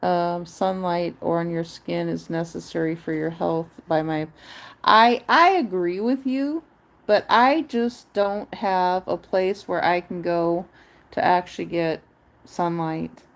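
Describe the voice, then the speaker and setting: A woman's voice: on the low side, unhurried, creaky. A woman live streamer chatting in a rambling, musing way, drifting into wordplay.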